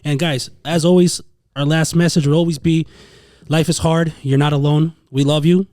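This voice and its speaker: A man's voice: on the high side, steady tone, normal speed, a little mellow, no room sound. A man hosting a podcast in casual, joking chat, swearing freely. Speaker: podcast host.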